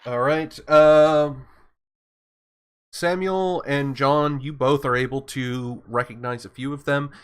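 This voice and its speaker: A man narrating as game master for a tabletop session over voice chat. He speaks slowly and haltingly, filling gaps with pauses and restarts, at a middling pitch. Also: steady tone, clean tone. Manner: slow, halting, many ums and restarts.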